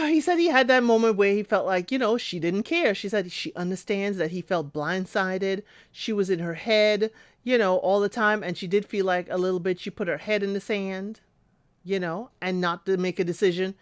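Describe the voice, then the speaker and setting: A woman's voice: medium pitch, normal speed, no echo. A woman recapping a reality show in casual commentary, chatty and talking back to the people she describes. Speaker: recap host.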